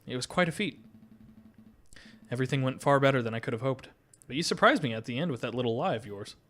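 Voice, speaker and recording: A man voices a suave male fox private investigator in a game, smooth, courteous and measured at an everyday mid pitch. He sounds pleased, expressive and natural, with a fairly bright tone.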